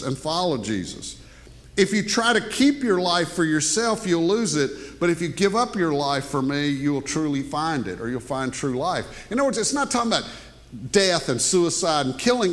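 Man preaching in a reverberant hall. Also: high-pitched. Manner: conversational preaching, swinging between hushed asides and raised emphasis. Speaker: pastor. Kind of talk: sermon. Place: church sanctuary.

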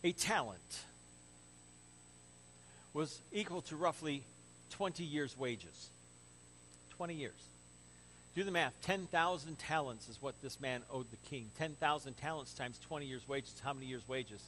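A man preaching a sermon in an animated, conversational way with joking asides, as pastor. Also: medium pitch, a little slow, long pauses, slight background noise, rough recording.

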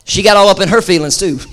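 A male pastor preaching a lively sermon, mixing jokes and acted-out asides with shifting pace. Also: sits high.

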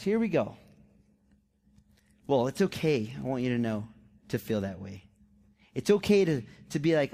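A man preaching to his congregation in a casual, talk-it-through way. His voice sits a little high for a man, and he jumps up higher when he acts out what people say. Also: very animated, moderate pace, gravelly, long pauses, darkish tone. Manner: conversational preaching, acts out quotes in raised voice. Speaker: pastor. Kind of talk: sermon.

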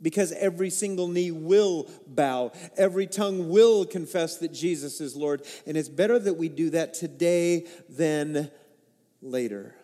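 A man preaching a sermon, swinging between loud emphatic lines and quiet low asides, and acting out the quoted lines in other voices. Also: measured pace. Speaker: pastor. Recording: reverberant hall.

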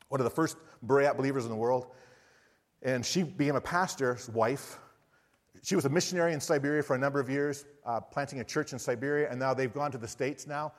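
Guy preaching in a church, tells stories lively, voice rings in a big hall. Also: medium pitch. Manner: animated storytelling, quoting others in voices. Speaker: missionary preacher. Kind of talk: sermon with storytelling and closing prayer. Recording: long reverb in a hall.

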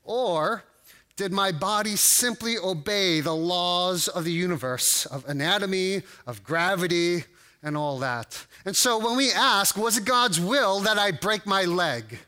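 A man's voice: high-pitched, animated, unhurried, sharp tone. A man preaching a sermon to a congregation, conversational and full of restarts and fillers. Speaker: pastor.

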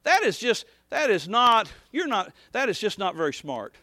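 Male pastor, high bright tone, dry close sound, folksy rambling sermon. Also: very animated, normal speed, no echo. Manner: folksy, rambling, swings from soft to shouting.

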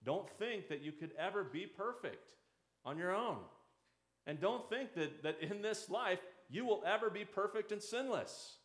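A male pastor delivers a sermon in a relaxed, talking-to-you way, now and then acting out the inner voices of struggling churchgoers. His voice sits fairly high for a man. The room adds a noticeable echo around him. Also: unhurried.

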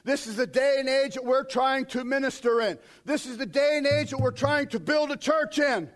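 A man preaching a sermon as pastor, swinging from shouted quotes to quiet asides. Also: very high voice, moderate pace.

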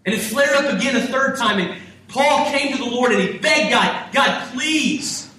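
A man's voice: extremely high pitch, normal speed, pushed and bright. An American man preaching a sermon, impassioned, acting out prayers and God's reply. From United States. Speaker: pastor. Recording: echoey hall, mic from a distance.

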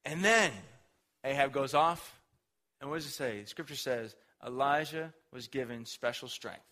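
A man's voice: medium pitch, measured pace, sharp tone. A young man preaching a casual, slangy sermon, retelling a story and acting out the characters' voices.

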